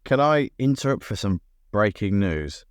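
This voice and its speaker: A man with a Black Country accent and a somewhat low voice, chatting on a podcast with dry, mock-grand humor. His voice is picked up close in a dead, dry room with no echo. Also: big pitch swings, normal speed, clean tone. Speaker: podcast co-host. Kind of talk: casual chat.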